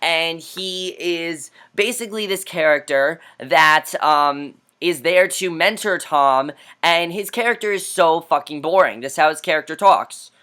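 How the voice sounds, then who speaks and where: Bright-voiced man ranting about a film. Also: fairly high pitch, unhurried, hardly any pauses, smooth. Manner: exasperated, blunt and profane. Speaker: film reviewer.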